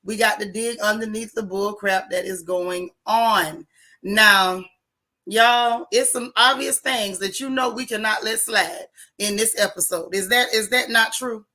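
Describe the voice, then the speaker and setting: A woman's voice: mid-range voice, a little slow, bright, forceful tone. A woman hosting a casual live stream, chatting sassily with viewers about a reality show. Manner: sassy, chatty, greets viewers. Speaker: host.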